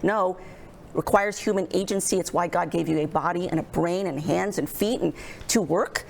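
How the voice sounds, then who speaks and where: A woman's voice: lowish voice, moderate pace, vocal fry, slight background noise. A woman co-hosting a panel talk, making an earnest point and quoting scripture. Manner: earnest, explanatory, quotes scripture. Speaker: co-host.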